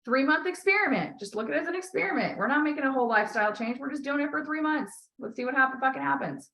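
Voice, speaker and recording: Bright, emphatic woman coaching bluntly. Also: high-pitched, lively intonation, rapid-fire. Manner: blunt, emphatic, swears often; encouraging, repeats key phrases. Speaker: life coach. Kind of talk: coaching call.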